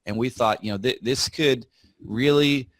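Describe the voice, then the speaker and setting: A man speaking as a podcast guest, telling a story in a relaxed, rambling way with frequent fillers and restarts. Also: mid-range voice, unhurried, no echo. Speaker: podcast guest, software founder. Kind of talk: casual interview storytelling.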